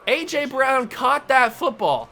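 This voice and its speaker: A man hosting a gaming channel, commentating his own video game play and yelling in frustration when it goes wrong. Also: very high-pitched, big pitch swings, a little slow.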